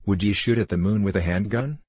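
A man's voice: lowish voice, a little fast, darkish tone, husky, no room sound. A man reading the part of a bold young forester who speaks bluntly and boastfully in archaic words.

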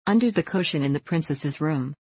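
A woman's voice: low-pitched, animated, brisk, darkish tone, slightly rough, no echo. A woman reading aloud voices a sly, scheming old sorcerer in a fairy tale.

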